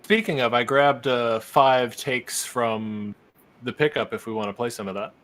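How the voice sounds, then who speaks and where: A man in an ordinary middle register on a relaxed group voice call. He speaks in a low-key, matter-of-fact way. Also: a little slow. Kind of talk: casual group chat on a voice call.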